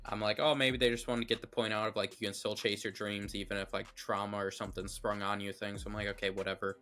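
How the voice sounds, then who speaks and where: A man with a fairly low but bright, forceful voice, co-hosting a casual movie review chat. He talks bluntly and opinionatedly, slipping into heated rants with plenty of fillers. Faint music plays underneath. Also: level tone, quick pace. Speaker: co-host of a movie review show.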